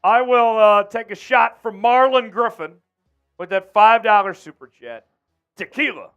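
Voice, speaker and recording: A man hosting a casual sports talk stream, his voice high and smooth. He keeps things upbeat and chatty as he reads out viewer messages. Soft music sits faintly behind him. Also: lively intonation, unhurried, dull audio. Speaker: show host.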